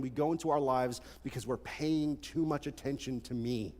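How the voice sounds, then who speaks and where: A man in his twenties preaching a sermon, animated and conversational, full of rhetorical questions. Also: mid-range voice, normal speed, hardly any pauses. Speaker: pastor. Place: large church hall. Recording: long church hall reverb.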